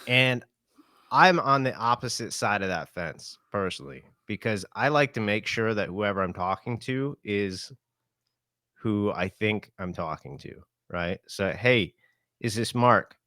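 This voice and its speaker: A man's voice: lowish voice, expressive, unhurried, pushed and bright, no room sound, clean studio sound. Guy from west michigan hosting a podcast, kinda rambly, asks questions. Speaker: podcast host. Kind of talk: casual chat.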